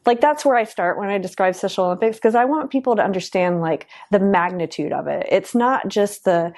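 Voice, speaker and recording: A woman's voice: medium pitch, a little fast, a little mellow. A woman who coaches swimming, answering interview questions in a chatty way with many fillers. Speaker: Special Olympics swim coach.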